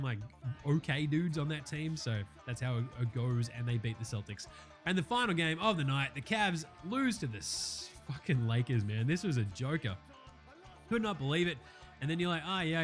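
A young Australian man hosting a basketball recap show, chatting casually with lots of swearing and jokes. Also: mid-range voice. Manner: profane, joking, excitable banter. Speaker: basketball podcast host.

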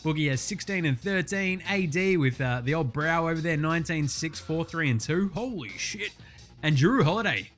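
A young Australian man hosting a basketball podcast, loud and casual, swearing freely through banter and game recaps. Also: on the high side, expressive, normal speed, soft background music. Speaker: podcast host. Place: studio.

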